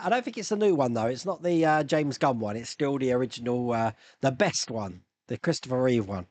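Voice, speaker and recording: A man hosting a casual live stream, chatting loosely and answering viewers' questions with rambling asides and quick laughs. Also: mid-range voice, expressive, a little mellow, no room sound. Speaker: YouTube live stream host.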